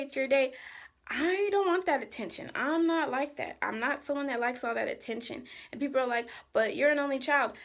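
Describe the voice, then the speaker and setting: Young woman ranting to her viewers, fed up and blunt, fry all through her higher voice. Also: a bit bright. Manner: frank, exasperated, lots of "like" and "you know". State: stressed. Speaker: vlogger. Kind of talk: casual venting to camera.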